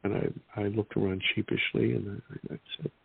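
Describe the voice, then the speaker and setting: A man in his fifties earnestly retelling a personal experience as an interview guest, halting and restarting as he goes. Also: lowish voice, steady tone, vocal fry, husky, no room sound. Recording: tinny dry phone-like line.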